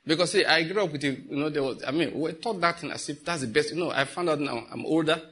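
Pastor preaching, slightly high voice. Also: male voice, fast, a bit bright. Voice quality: conversational preaching, rhetorical questions to the congregation. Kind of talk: sermon.

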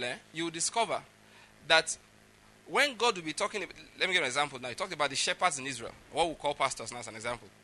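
Middle-aged male preacher, emphatic, fairly high and very bright tone. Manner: emphatic, often checks that listeners follow. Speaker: pastor. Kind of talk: sermon.

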